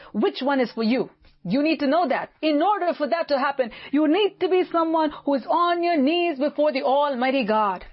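A woman pastor delivering an impassioned sermon, swinging between loud fervent lines and hushed low ones. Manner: impassioned preaching with sudden loud and quiet swings. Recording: dull lo-fi audio.

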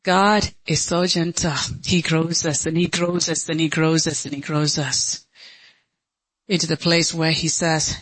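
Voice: medium pitch, little pitch movement, a little slow, fairly bright tone, dry recording, low-quality recording. A pastor preaching a sermon with impassioned, repeated rhetorical questions.

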